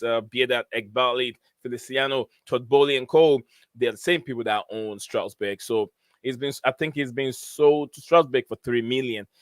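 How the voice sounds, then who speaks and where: A man hosting a live sports fan show, talking in a halting way with many fillers and restarts, from his home setup over a video call. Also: mid-range voice, fairly bright tone, no room sound. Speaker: podcast host.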